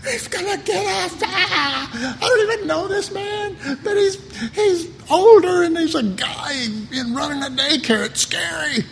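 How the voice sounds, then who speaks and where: A man's voice: extremely high pitch, measured pace, vocal fry, hardly any pauses, fairly bright tone, pitched above the performer's own voice, full character voice. A man playing a whimpering frightened child. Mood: scared. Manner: whimpering, panicky. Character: frightened little daycare child. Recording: reverberant hall, faint ambient noise.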